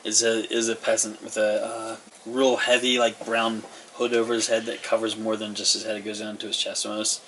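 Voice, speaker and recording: A man narrates a tabletop game as its game master, rambling along with plenty of fillers. His voice is bright and sits a little low. He sounds set back from the mic, with a faint hiss underneath. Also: level tone, fairly quick. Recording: distant mic with faint noise.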